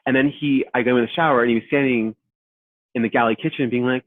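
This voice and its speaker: A man in his thirties, a podcast guest, chatting casually and telling stories with lively acted-out quotes. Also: medium pitch, quick pace, no echo. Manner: animated storyteller, acts out quoted voices. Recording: tinny phone-like line, dry.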